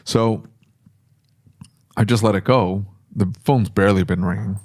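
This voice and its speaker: A man, a podcast host who owns a repair shop, talking casually and telling animated stories with laughs. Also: unhurried. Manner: animated storytelling with laughs, sudden high pitch for quoted voices.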